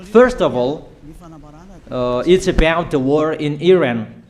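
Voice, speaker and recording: Slow, emphatic man preaching prophecies. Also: fairly high pitch, darkish tone. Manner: declaiming, emphatic, repeats warnings, halting fillers. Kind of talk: prophetic sermon.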